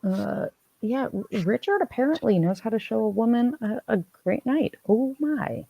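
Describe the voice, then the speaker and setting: A woman's voice: on the high side, expressive, normal speed, gravelly, muffled recording. A woman hosting a casual livestream, rambling and calling out viewers by name as she reads their comments. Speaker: streamer host reading chat.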